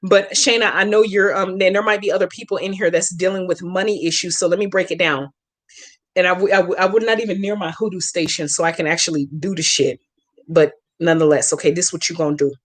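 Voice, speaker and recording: Speaking fast in a fairly low, steady voice, a woman runs a casual livestream Q&A as a hoodoo practitioner. Her banter with viewers is brash and full of profanity, and she walks them through a spell one step at a time, using slang and emphatic directions.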